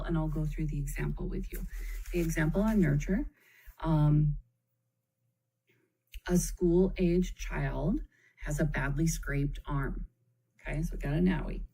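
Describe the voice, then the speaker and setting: A woman with a lowish, mellow voice walks viewers through a parenting chart in a live stream. She keeps it conversational, pausing to check in with "okay?" and speaking of kids with gentle empathy. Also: slightly rough, poor audio. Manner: warm, empathetic phrasing, calls children "kiddo". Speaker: parenting educator. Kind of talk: live-streamed explanatory talk.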